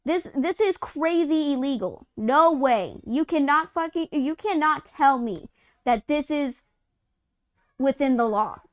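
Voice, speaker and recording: Brief: woman, high voice, live-stream co-host, furious profane rant, dry close sound. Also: expressive, measured pace, no echo. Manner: heated, profane ranting; exasperated rhetorical questions. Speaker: co-host of a live gaming news show. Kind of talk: casual live-stream chat.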